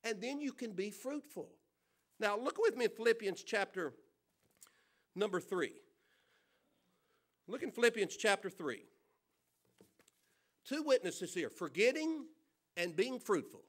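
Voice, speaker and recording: A high-pitched male pastor delivers a church sermon. He quizzes his congregation, and every so often he swells into loud bursts of emphasis. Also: big pitch swings, unhurried, pauses often. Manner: preaching with questions to the congregation and sudden loud emphasis. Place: church service.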